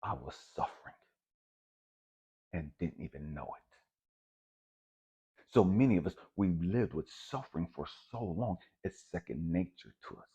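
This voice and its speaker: A man giving a raw, profane personal testimony, swinging between hushed and loud. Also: low voice, expressive, moderate pace, husky, lo-fi sound. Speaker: speaker sharing a personal testimony.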